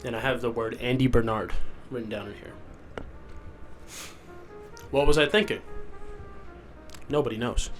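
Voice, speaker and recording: A man's voice: mid-range voice, moderate pace, pauses often, faint music behind. A sick young man with sniffles hosting a rambling solo podcast from a basement, loopy and self-deprecating. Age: young adult. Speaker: podcast host. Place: rented house basement.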